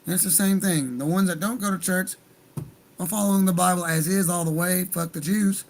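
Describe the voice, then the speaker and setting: Man, high-pitched voice, livestream rant, heated, profane, rambling. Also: fairly even intonation, a little fast, poor audio. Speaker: livestream host.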